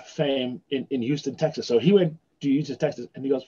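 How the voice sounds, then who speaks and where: A man's voice: mid-range voice, steady tone, brisk, dark tone, breathy edge, lo-fi sound. A man, a magician guest, telling long rambling anecdotes with many restarts in casual podcast chat. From South Africa.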